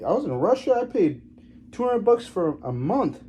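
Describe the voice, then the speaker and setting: A man's voice: high voice, very animated, moderate pace, dark tone, slight background noise, voice pushed up. A guy mimicking a boastful older stranger. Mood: bragging.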